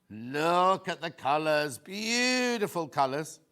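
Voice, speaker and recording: A man presenting on a TV shopping channel, chatting excitedly and tossing quick asides to viewers and crew. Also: fairly high pitch. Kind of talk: live TV selling chat.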